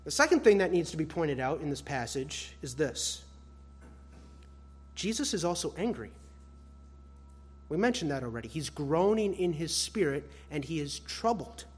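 Husky-voiced preacher man, high-pitched. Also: sing-song, normal speed, long pauses. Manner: swings between loud emphatic stress and hushed soft phrases; addresses listeners as beloved. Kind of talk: expository sermon.

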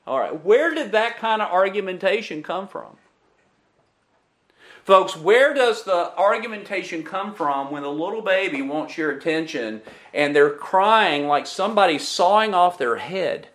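A man's voice: fairly high pitch, expressive, unhurried, a bit bright. A man preaching a sermon who keeps asking the congregation questions.

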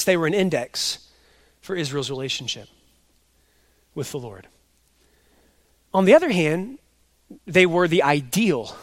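High-voiced man preaching emphatically. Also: no room sound. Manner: emphatic, swinging between loud stresses and quiet asides; explains slowly and repeats key points. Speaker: pastor. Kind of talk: expository sermon.

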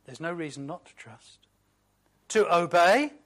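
A man preaching a sermon, slow and emphatic, moving from loud declarations to hushed, reflective asides. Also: fairly high pitch, animated. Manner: quotes hymn lines in a reflective voice.

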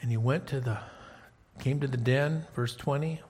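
Husky-voiced preacher teaching scripture. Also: male voice, medium pitch, normal speed, darkish tone. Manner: reads scripture aloud, then asks the listeners questions. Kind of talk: conversational Bible teaching.

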